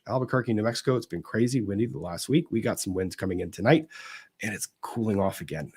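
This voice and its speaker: A man hosting a casual live stream, reading viewers' greetings aloud in a chatty way, his pitch swinging up and down as he goes. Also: a bit bright, breathy edge. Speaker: livestream host of a legal commentary show.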